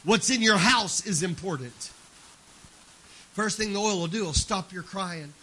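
A man preaching a sermon, swinging from soft confiding talk to loud shouted preaching and often repeating words as he tells stories. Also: sits high, unhurried. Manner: repeats words and restarts when emotional.

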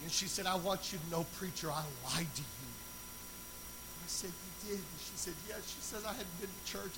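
A man preaching a sermon, moving between loud, sung exhortation and quiet, conversational storytelling. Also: high voice, moderate pace, low-quality recording.

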